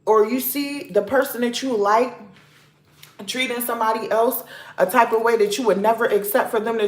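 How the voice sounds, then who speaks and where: A woman vlog host giving blunt, repetitive life advice in a casual talk to camera at home. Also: a little high. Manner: emphatic, repetitive, preachy. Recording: roomy echoey room.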